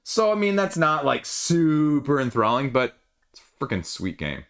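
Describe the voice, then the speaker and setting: A man hosting a board game channel, talking casually and rambling off the cuff with lively asides. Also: medium pitch, moderate pace, clear, resonant tone. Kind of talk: casual solo video commentary.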